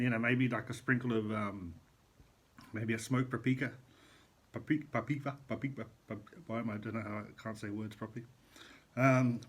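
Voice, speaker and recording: A man's voice: mid-range voice, slightly rough. A middle-aged man, a chef, chatting casually in a vlog from a hotel room, rambling and eating as he talks. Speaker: chef vlogger.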